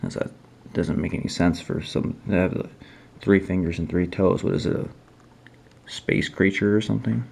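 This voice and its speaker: A man with a low, gravelly voice walks through his trading card sketches in a relaxed show-and-tell. He rambles and thinks aloud, often pausing to criticize his own work. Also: slight background noise.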